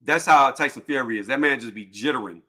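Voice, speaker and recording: A man hosting a casual boxing livestream panel, joking loudly and cursing, with frequent laughs and trash talk. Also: mid-range voice, fast, breathy edge.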